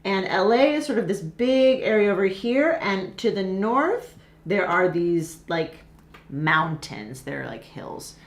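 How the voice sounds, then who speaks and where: A woman's voice: medium pitch, sing-song, takes it slowly. A woman co-hosting an English lesson chat, explaining things casually with lots of fillers. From Los Angeles, USA. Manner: chatty, explains with many fillers. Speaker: English teacher and co-host.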